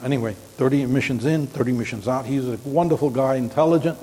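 Older male preacher, mid-pitched, halting storyteller, long hall reverb with faint hiss. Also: mellow. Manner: halting, rambling, frequent restarts. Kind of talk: informal sermon storytelling.

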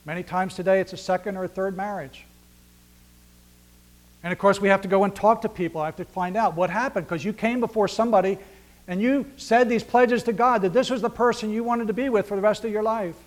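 Pastor guy preaching, fairly high voice, goes loud then drops way down quiet, acts out little back-and-forths. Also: steady tone, a little fast. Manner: swings between loud emphasis and near-whispered hushes; acts out dialogue with God, asking rhetorical questions. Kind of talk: sermon.

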